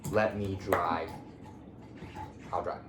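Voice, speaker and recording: A man's voice: low voice, fairly even intonation, slow, roomy sound, background noise. A young man from the Philadelphia area casually telling a story as a podcast host, laid-back, with lots of fillers and restarts.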